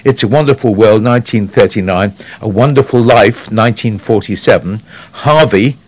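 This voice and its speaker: On the radio, a man with a fairly low voice speaks at a normal speed, with no room sound. He's a guest talking about classic actors, chatting casually and telling rambling anecdotes that trail off.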